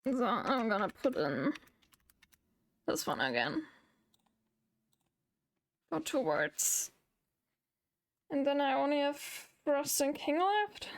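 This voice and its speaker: A woman streaming live, chatting, thinking aloud and getting excited. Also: high-pitched, slow pace, pauses often. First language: German. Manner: excitable, talks to herself while thinking. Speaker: VTuber streamer. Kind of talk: live game stream chat.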